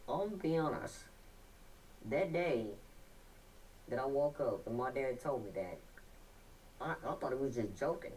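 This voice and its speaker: Halting plainspoken male guest, off-mic. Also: mid-range voice, animated, a little mellow, recorded from a distance, a little hiss or hum, poor audio. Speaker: interview guest. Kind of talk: casual interview answers.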